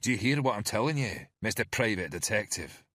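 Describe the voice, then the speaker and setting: A man's voice: on the low side, animated, fairly quick, fairly bright tone, no room sound, clean studio sound. A man doing a menacing Scottish thug.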